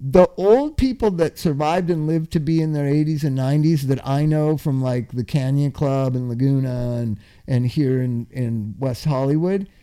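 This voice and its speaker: An older man telling a long, funny story in a casual chat, swearing freely, laughing often and acting out his own yelling. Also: mid-range voice, normal speed, few pauses, smooth.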